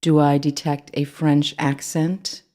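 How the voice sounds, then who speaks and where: A storybook reader voicing a big male rat villain who speaks calmly and slowly, taunting his prey. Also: mid-range voice, smooth, natural voice. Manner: calm, drawn-out, taunting.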